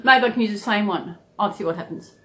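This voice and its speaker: A woman's voice: mid-range voice, quick pace, slight background noise. A woman with an Australian accent chatting casually to her subscribers, rambling and repeating her thanks. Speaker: vlogger. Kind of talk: casual chat to camera.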